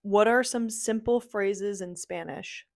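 A woman casually narrating a software demo at her computer, upbeat and chatty. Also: medium pitch, slow. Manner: upbeat and chatty, cheering "yay".

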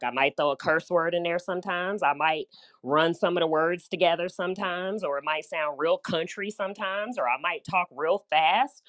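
A woman's voice: on the low side, moderate pace. A middle-aged woman with a light Southern drawl, hosting a casual live chat in a chatty, upbeat way. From United States. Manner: chatty, upbeat, warm with listeners, loose run-on talk. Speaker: host, business coach.

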